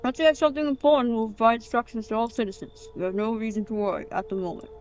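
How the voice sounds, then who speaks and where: A woman reading as a calm official. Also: fairly high pitch, lightly acted. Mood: reassuring. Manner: reassuring, measured. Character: calm official government scientist.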